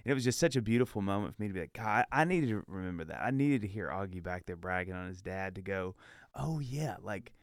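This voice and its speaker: A man's voice: low voice, expressive, fast talker, few pauses, no room sound, clean studio sound. A man hosting a casual podcast chat, telling a heartfelt story with lots of restarts and fillers. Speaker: podcast host.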